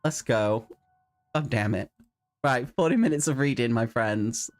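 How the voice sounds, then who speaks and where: A man's voice: medium pitch, unhurried. A man hosting a casual book livestream, playful and giggly, slipping into silly voices. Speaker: book channel host.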